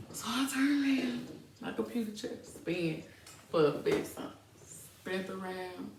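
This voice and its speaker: A woman hosting a podcast, telling a personal story to her audience in a casual, animated way, often laughing. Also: fairly low pitch, takes it slowly, long pauses, reverberant, recorded from a distance, slight background noise. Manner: animated, breaks into laughter, speaks to "y'all". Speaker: podcast host.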